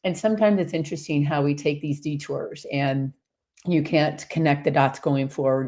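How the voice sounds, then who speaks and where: Woman, 50s, casual storyteller, loose and rambling, animated, laughs easily. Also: deep voice. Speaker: horse-based coach and community host.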